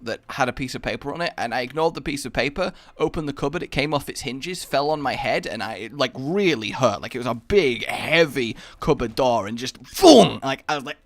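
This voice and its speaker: A man's voice: medium pitch, animated, fairly quick, a bit bright, no room sound. A young man giving rambling, self-mocking commentary while playing a video game. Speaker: gaming YouTuber. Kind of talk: Let's Play commentary.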